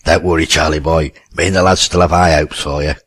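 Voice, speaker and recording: A man's voice: a bass voice, flat delivery, brisk, fairly bright tone, husky, no echo, heavily acted. A man voicing a jovial, teasing elderly resident who leads his group of friends. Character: mischievous elderly male ringleader.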